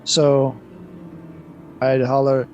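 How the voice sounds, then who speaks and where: A man's voice: medium pitch, monotone, extremely slow, a little mellow, lo-fi sound, soft background music. A man playing in a tabletop game, talking casually and hesitantly, thinking aloud with ums. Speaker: player.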